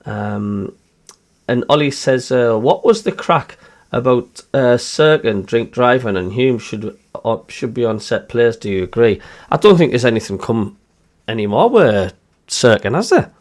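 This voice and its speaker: Man, sunderland accent, football show host, chatty, reads live messages, mid pitch. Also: animated, measured pace, darkish tone. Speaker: podcast host reading listener messages. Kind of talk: casual football chat.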